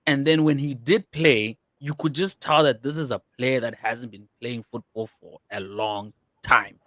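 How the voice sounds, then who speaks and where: A man's voice: mid-range voice, a little slow, bright, forceful tone, dry recording. A man co-hosting a football podcast in casual chat, rambling with lots of "you know" and restarts. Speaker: podcast co-host.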